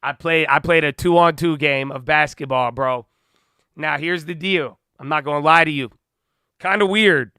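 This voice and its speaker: A man's voice: a little high, measured pace, smooth, dry recording, clean studio sound. A young man hosting a casual live stream, slangy and hyped, a little winded. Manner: hyped, slangy, shouts out viewers. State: winded, out of breath. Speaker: live-stream trading host.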